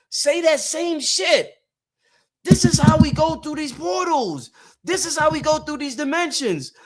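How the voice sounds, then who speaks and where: A man with a strikingly high-pitched voice delivers a preachy motivational talk about spirituality. He hammers his points home, repeating phrases and swearing freely as he builds them up. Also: fairly bright tone. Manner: emphatic, repetitive, preachy, profane. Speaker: podcast host.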